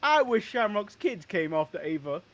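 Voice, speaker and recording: A man's voice: sits high, sing-song, normal speed, a bit bright. A man with an English accent co-hosting a casual wrestling recap chat, chatty and giggly, tripping over his words. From England. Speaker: co-host.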